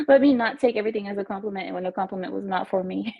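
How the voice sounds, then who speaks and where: A fast-talking Texan woman streams casually from home through wireless earbuds, reading viewer comments with chatter, giggles and self-mockery. Her mid-range voice is creaky with a breathy edge. The audio is dull.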